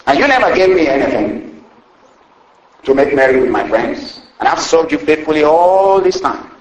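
A preacher acting as a self-righteous elder son, complaining in a drawn-out, aggrieved tone. His voice swings between high and low. A roomy echo trails each phrase. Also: sing-song, dull audio.

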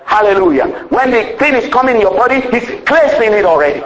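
A man preaching a sermon with fervent call-and-response exclamations, dropping to quiet asides and chuckling often. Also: expressive, fast talker, reverberant, a crowd in the background, poor audio. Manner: fervent, swings between loud exclamations and low asides, laughs often.

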